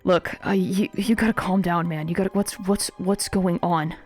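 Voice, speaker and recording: A woman's voice: on the low side, fairly even intonation, moderate pace, a little mellow, soft background music, natural voice. A woman voicing a worried father on the phone who stammers anxiously.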